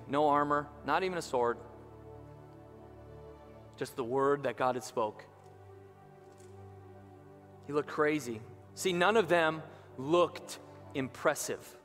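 A male pastor preaches with fervor, stretching out key phrases and lifting his voice to drive them home. His voice sits a little high for a man. The sanctuary's long reverb trails each line while faint music plays underneath. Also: a bit bright. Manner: impassioned preaching, slows and rises for emphasis. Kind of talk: sermon. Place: church sanctuary. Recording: reverberant church hall with music behind.

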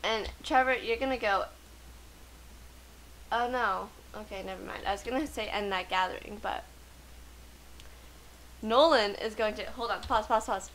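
A woman giving chatty, excitable commentary while playing a life-simulation game. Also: medium pitch, a little slow, pauses often, slight background noise, low-quality recording. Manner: chatty, excitable, gasps and laughs often. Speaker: let's play gamer. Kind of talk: casual gameplay commentary.

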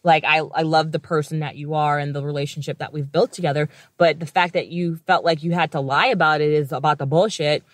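A woman's voice: deep voice, steady tone, fairly quick, few pauses, dry recording. An American woman co-hosting a podcast, chatty and opinionated, with casual swearing. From United States. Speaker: podcast co-host. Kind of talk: casual chat.

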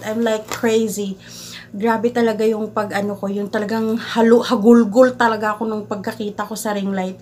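A woman with a Filipino accent talks slowly through a casual home unboxing vlog. She pauses on fillers and restarts, then bursts into loud excited exclamations. Her voice sits at a middle pitch over a faint hiss of background noise. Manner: halting, many fillers. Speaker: vlogger. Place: indoors at home.

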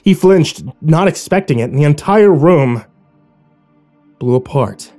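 Brief: male horror narrator, mellow, measured, faint music bed. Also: a little high, expressive. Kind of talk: first-person horror story reading.

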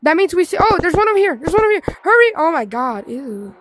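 A woman playing a horror game with a friend, yelling quick commands and screaming when scared. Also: very high voice, big pitch swings, background noise. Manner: screams, frantic repeated commands. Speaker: gaming YouTuber. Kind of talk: excited co-op game commentary.

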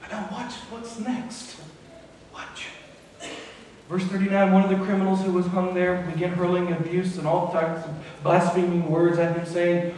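A man's voice: high-pitched, little pitch movement, moderate pace, darkish tone, slight background noise. A man preaching a sermon as pastor, reading scripture aloud and explaining it to the congregation. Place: church sanctuary. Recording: echoey church hall from far off.

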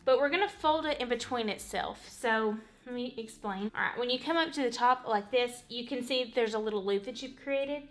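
A woman's voice: a little high, moderate pace, hardly any pauses, fairly bright tone, soft background music. A woman giving a casual, rambling craft tutorial at home, saying "y'all" and "literally" a lot. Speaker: craft vlogger. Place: home, working on a wall hanging.

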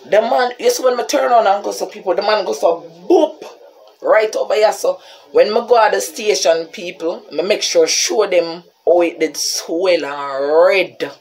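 Telling a story to her vlog audience, this Jamaican-accented woman speaks at a medium pitch and an ordinary pace. She stays lively throughout, repeatedly addressing her viewers as "people."

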